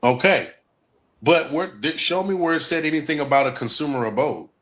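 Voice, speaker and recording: A man with a bright, ringing voice that sits a bit high delivers an emphatic livestream lecture with a Black lilt. He repeats his key points and keeps pressing the listeners. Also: expressive, a little fast. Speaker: guest presenter. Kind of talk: livestream talk.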